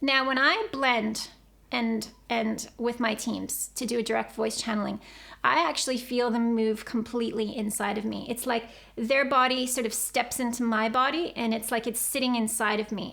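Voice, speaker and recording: A woman's voice: a little high, steady tone, moderate pace, vocal fry, fairly bright tone. A woman teaching about channeling, earnest and repetitive as she explains things step by step. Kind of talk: explanatory spiritual teaching video.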